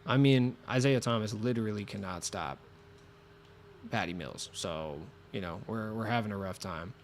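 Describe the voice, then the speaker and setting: A man streaming a basketball video game, chatting casually and excitably with viewers, cursing as he plays, with a voice a little lower than usual from being sick. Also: moderate pace, slight background noise. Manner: swearing, excitable, talks to chat while playing. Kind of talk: casual gaming stream chat.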